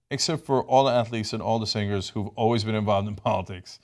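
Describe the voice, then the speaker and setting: A man co-hosting a casual political commentary show, talking in an animated, mocking way. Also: lowish voice, quick pace, hardly any pauses. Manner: animated, mocking, mimics people in sing-song voices. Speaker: co-host.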